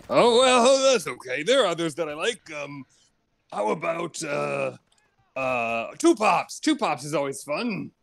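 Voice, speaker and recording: A man playing a hesitant, starstruck fan calling into a show, halting and full of fillers. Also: on the high side, big pitch swings, creaky, dry recording, heavily acted. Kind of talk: improvised comedy role-play.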